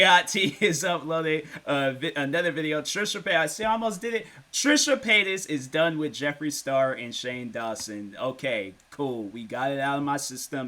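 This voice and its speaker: A man's voice: medium pitch, bright, forceful tone. A man hosting a reaction video, talking casually in a rambling, self-correcting way.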